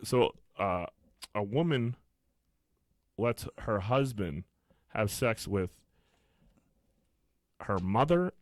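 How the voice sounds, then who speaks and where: Guy cohosting a podcast, swears a lot, acts out quotes, lively swingy voice, dry sound. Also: lowish voice, very slow, pauses often, dry recording. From Pittsburgh area. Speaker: podcast co-host. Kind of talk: casual chat.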